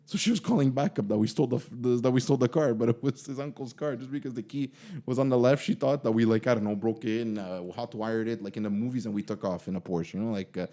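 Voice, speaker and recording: A man's voice: mid-range voice, fast, hardly any pauses. Laid-back guy telling a story. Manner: animated storyteller with lots of fillers. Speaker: podcast host. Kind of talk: casual chat, storytelling.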